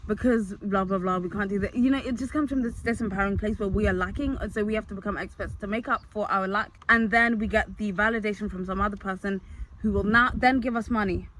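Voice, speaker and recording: A young woman talking straight to camera in a candid, animated monologue, full of fillers. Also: mid-range voice, fast talker, slight background noise, rough recording. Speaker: vlogger. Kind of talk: casual storytelling monologue.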